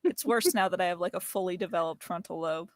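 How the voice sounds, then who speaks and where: A woman chatting during a tabletop game, excitable and emphatic. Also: lowish voice, fast talker. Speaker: player. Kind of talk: casual chat at a tabletop game.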